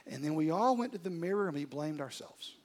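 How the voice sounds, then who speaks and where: High-voiced male pastor preaching dramatically. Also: expressive, brisk. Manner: dramatic, swings from hushed to loud. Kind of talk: sermon. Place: church service.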